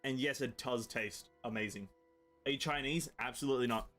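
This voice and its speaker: A man's voice: medium pitch, brisk, fairly bright tone, faint music behind. A man from Europe streaming a video game, chatting casually with his viewers, swearing freely and bantering with them. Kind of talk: casual live-stream chat while playing.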